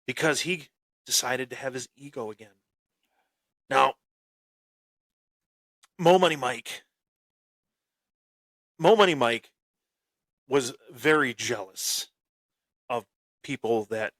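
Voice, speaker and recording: A man speaks as his wrestling persona on a podcast, boastful and taunting as he recounts old rivalries. His delivery is unhurried and drawn out. The recording is dry and close, with no room sound. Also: mid-range voice, fairly bright tone, no echo. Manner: swaggering, taunting, dramatic. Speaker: podcast host. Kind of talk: boastful in-character wrestling storytelling.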